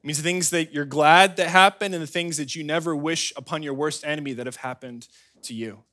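Animated pastor, slightly high male voice. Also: fairly quick. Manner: conversational, animated storytelling, frequent "right?" asides. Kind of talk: sermon.

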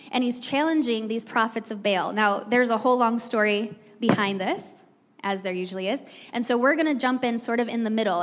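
A woman preaching a sermon, retelling the story in a chatty way and speaking straight to the congregation. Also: on the high side. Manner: chatty storytelling, addresses the crowd directly. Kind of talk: conversational sermon. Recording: long reverb from a hall.

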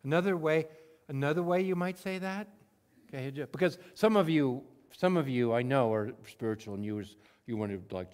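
A man preaching a sermon in a conversational way, acting out prayers in everyday words and moving between emphatic bursts and hushed moments. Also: mid-range voice, moderate pace, smooth. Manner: conversational, swings from loud emphatic to soft and hushed. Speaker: pastor.

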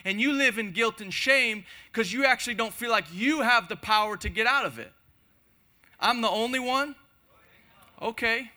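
A very high, bright voice with a forceful tone belongs to this pastor. He delivers a passionate sermon to a church hall congregation, repeating phrases emphatically.

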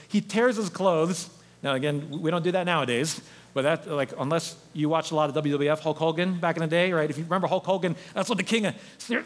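A man preaching a sermon as pastor in an animated, conversational storytelling way. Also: fairly high pitch, fast.

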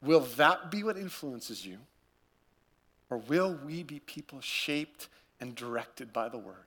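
A man preaching a sermon, earnest and repetitive, swinging between loud urging and quiet gravity. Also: medium pitch, expressive, a little slow. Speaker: pastor.

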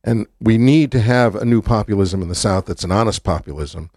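Measured low-voiced man, politician guest. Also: a little mellow, no room sound, clean studio sound. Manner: measured, fills pauses with um and uh. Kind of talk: radio studio conversation.

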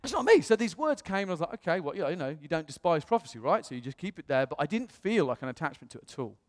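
A man, a pastor, telling a personal story in a sermon in a chatty, animated way. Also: a little high, rapid-fire, big-room sound. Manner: chatty storytelling, animated voices when quoting others.

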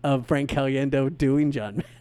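A man chatting on a movie podcast in a wry, offhand way, dropping trivia and laughing along. His voice sits at an ordinary mid pitch for a man. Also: steady tone, normal speed, very noisy. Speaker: podcast co-host. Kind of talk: casual movie podcast chat.

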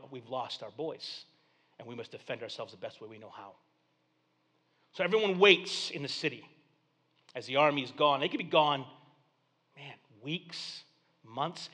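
A pastor preaches with a high-pitched male voice. His delivery is dynamic, sinking to near-whispers before surging into loud, excited declarations. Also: slightly rough. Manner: dynamic preaching, dropping to hushed tones then rising to loud exclamations. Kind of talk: sermon.

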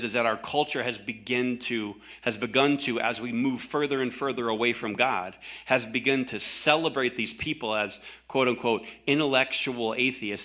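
A man's voice: medium pitch, sharp tone. A man, a pastor, preaching a sermon in a conversational, emphatic way.

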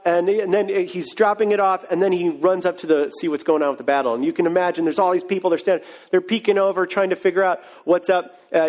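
A man preaching a sermon, retelling a story in a casual, joking way. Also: high voice. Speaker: pastor.

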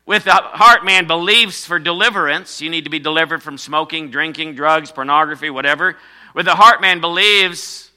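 A man's voice: medium pitch, bright, forceful tone. A man preaching a sermon to his congregation, emphatic and repeating key phrases for weight. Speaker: pastor.

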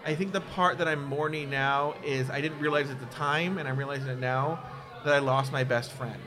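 A man's voice: fairly high pitch, fairly quick. A man in casual conversation, telling personal stories candidly and animatedly, sometimes mocking people by quoting them. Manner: candid, animated storyteller, does mocking quoted voices. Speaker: podcast guest.

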